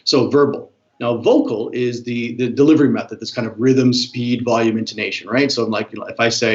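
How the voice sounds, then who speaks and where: In an explanatory interview, a mid-range-voiced man, the body language expert guest, talks quickly and with animation about how a message is carried by words, voice and appearance. He acts out several versions of a greeting to show different tones, over slightly dull, lo-fi audio.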